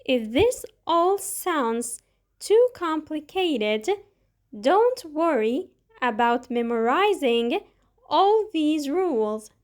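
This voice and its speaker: A woman teaching an online English pronunciation lesson, with a slow, deliberate and instructive delivery. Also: high voice.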